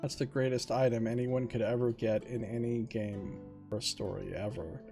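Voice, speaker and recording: This streamer's mid-range voice holds steady at a normal speed over music while he narrates a fantasy gamebook and chats casually. Goofy and playful, he keeps breaking into silly songs.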